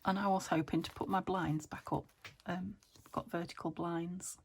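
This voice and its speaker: Gravelly-voiced woman muttering as she crafts. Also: fairly low pitch, steady tone, moderate pace. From United Kingdom. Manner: chatty, muttering to herself, often dropping to a whisper. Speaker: craft vlogger. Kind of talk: casual crafting chat. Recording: noisy home recording.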